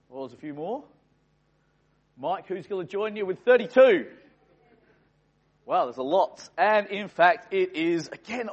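A man's voice: sits high, breathy edge. An Australian man running a playful quiz for a room of people, teasing and chatting with them as he goes. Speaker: quiz host for a live group. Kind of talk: playful quizmaster banter. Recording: muffled lo-fi recording.

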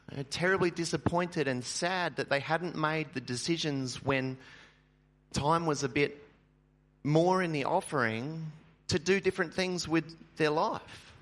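A man's voice: a little high, a bit bright. A male pastor giving a sermon in a church in a chatty, joking way, with many filler ums.

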